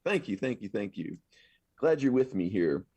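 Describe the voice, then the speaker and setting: Lively husky-voiced man preaching a sermon. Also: fairly low pitch, normal speed, no echo. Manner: affirming, repetitive, conversational preaching. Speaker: minister. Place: live service at a spiritual center.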